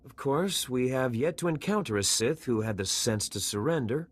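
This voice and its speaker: A man's voice: medium pitch, expressive, moderate pace, close to an everyday voice. An actor playing a proud, zealous male Jedi Knight in a video game, who speaks in a righteous, combative way.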